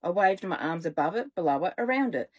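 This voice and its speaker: A woman children's author reading aloud from her own stories, with lively, expressive storytelling. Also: on the low side, a little fast, breathy edge, highs cut off.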